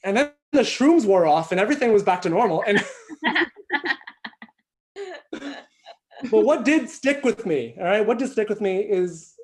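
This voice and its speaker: A man doing stand-up comedy over a video call from home, telling a story in an animated, self-mocking way and swearing freely. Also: high voice, a little slow, pauses often.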